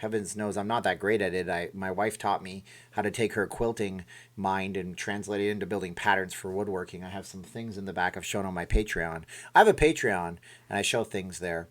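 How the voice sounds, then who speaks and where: Middle-aged guy rambling on his home livestream, lowish voice, pep talk vibes. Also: fairly quick, a bit bright. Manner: rambling, motivational, reads viewer messages aloud. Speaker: livestream host. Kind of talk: casual livestream chat.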